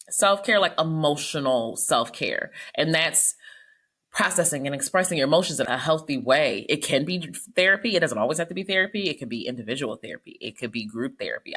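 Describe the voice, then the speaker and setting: A woman psychologist giving casual advice, talking fast and telling stories with animation. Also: rumbling low, fairly bright tone.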